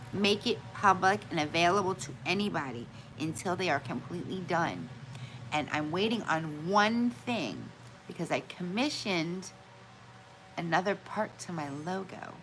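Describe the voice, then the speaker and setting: In a fairly bright voice on the low side, a woman runs a casual live stream, captured on a low-quality recording. She talks with the people watching, greets them by name, and laughs at her own forgetfulness a lot.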